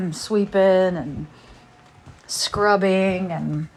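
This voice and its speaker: A woman's voice: mid-range voice, very animated, very slow, vocal fry, slightly rough. A woman in her forties chatting casually on a livestream while cleaning her house, a little out of breath and rambling from story to story. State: slightly out of breath. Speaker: livestream host. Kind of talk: casual chat. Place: home, walking around while cleaning. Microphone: phone, camera off.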